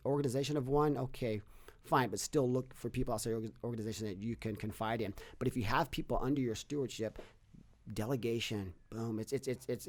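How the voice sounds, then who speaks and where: A middle-aged podcast guest who runs a fitness business talks earnestly in a mid-range, darkish voice. In this casual interview he tells stories, often restarting and repeating what he says.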